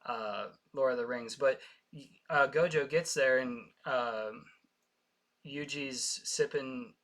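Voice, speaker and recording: A man co-hosting a casual anime recap, talking in a halting way with frequent restarts. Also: mid-range voice, fairly bright tone. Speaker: podcast co-host.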